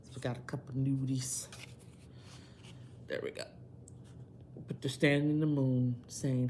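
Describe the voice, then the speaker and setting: A woman's voice: a bass voice, little pitch movement, a little slow, long pauses, dark tone, a little hiss or hum. A woman tarot reader talking straight to her viewers in a casual video, earnest and emphatic like a pep talk.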